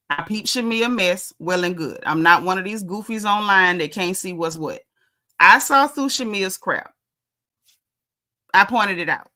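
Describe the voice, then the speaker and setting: A woman's voice: on the low side, pushed and bright. A woman giving a casual, opinionated recap of a reality TV show, speaking bluntly with lots of slang.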